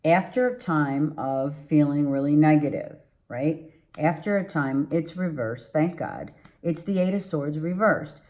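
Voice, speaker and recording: In a deep, warm voice, a tarot reader chats casually with her viewers, wandering and repeating herself. Her tone stays positive and encouraging.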